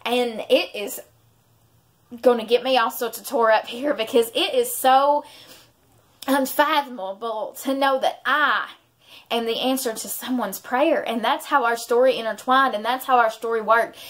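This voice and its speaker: A woman's voice: on the high side, unhurried, fairly bright tone. A woman, in her thirties, sharing a heartfelt, rambling personal faith story on her vlog. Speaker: vlogger and mother. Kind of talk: emotional personal testimony.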